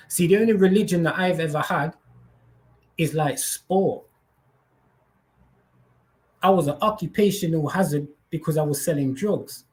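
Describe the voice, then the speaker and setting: A man talking casually and at length as host of a live stream, using slang and often repeating himself. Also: a little high. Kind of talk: casual live chat monologue.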